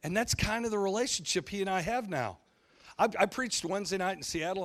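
A pastor preaching a sermon, telling funny stories bluntly and acting out the voices of the people in them. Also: male voice, high voice, fast talker, fairly bright tone. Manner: humorous storytelling, acting out quoted voices; blunt and folksy.

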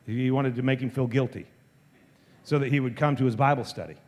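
A man in his fifties, a pastor telling a story in a sermon, often halting and restarting his sentences. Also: medium pitch, fairly even intonation, a little mellow, a little hiss or hum. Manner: halting, full of repeated restarts. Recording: long reverb of a large hall.

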